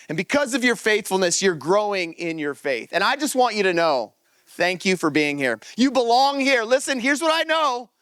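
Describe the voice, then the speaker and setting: A pastor preaching a lively sermon to his congregation, reading scripture aloud and acting out the story. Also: very high voice, smooth, dry recording. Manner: animated, energetic preaching to a congregation. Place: church service.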